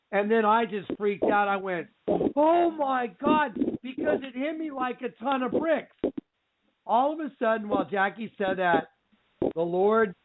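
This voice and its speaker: A middle-aged man hosting a religious radio show, telling a story in an animated way, often breaking into shouts and laughs. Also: sits high. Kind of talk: excited religious radio talk. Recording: tinny phone-like line with faint noise.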